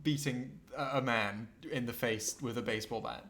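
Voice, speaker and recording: A man chatting on a livestream as co-host, excitable and quick to laugh, tripping over his words as he pitches ideas for a script. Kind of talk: casual livestream chat, improvising a script.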